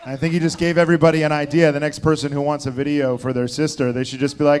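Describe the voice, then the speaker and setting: A man's voice: fairly high pitch, level tone, racing, few pauses, darkish tone, a little hiss or hum. A man moderating a convention panel Q&A, joking in an easygoing way. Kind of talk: casual moderating. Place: convention hall.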